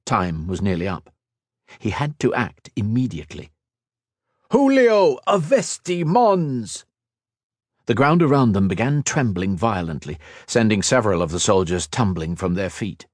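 A man narrating a fantasy audiobook in a measured, expressive way. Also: deep voice, dry recording, clean studio sound.

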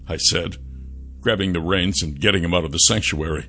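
A man narrating a first-person adventure novel in an expressive storytelling manner. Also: sits low, moderate pace, faint music behind. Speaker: audiobook narrator.

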